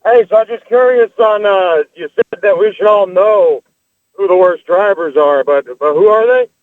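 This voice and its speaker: A man's voice: sits high, moderate pace, no room sound. A man calling in to a radio show, casual and curious, heard over a phone line. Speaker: caller. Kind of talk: call-in radio chat.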